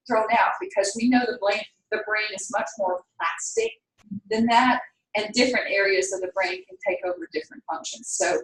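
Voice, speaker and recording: A woman's voice: medium pitch, vocal fry, a little hiss or hum. An older woman with a Southern US accent lecturing a class in a chatty, digressive way, laughing often. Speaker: teacher. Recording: roomy, distant classroom mic.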